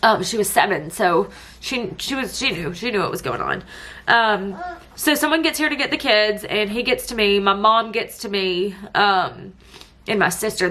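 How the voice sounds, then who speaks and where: A woman's voice: medium pitch, sharp tone, a little hiss or hum. A woman, telling a personal story to her viewers, often tearful and breaking up as she speaks. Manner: tearful, voice breaking while recounting. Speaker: vlogger.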